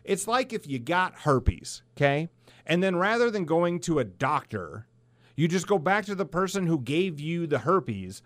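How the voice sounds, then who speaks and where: A man's voice: fairly high pitch, very animated, measured pace, dry recording. A middle-aged man from South Dakota, hosting a podcast in a heated, blunt monologue full of swearing. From South Dakota, USA. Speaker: podcast host. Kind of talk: profane ranting monologue.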